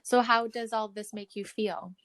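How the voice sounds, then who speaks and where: A woman's voice: a little high, fairly even intonation, normal speed, a bit bright. A woman co-hosting a casual podcast, putting questions to her co-host in an easygoing way.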